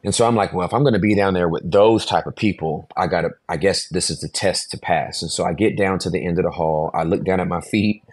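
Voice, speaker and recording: Deep-voiced man telling a vivid story. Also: fast talker, hardly any pauses, no echo. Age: 40s. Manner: animated storyteller, acts out voices, laughs often. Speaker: pastor, podcast guest. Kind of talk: storytelling in a podcast interview.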